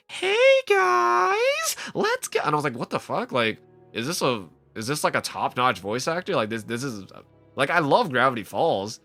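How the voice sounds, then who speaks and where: Man, let's play host, casual rambling commentary, lots of fillers, mid pitch, soft music behind. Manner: rambling, animated, frequent "like" fillers.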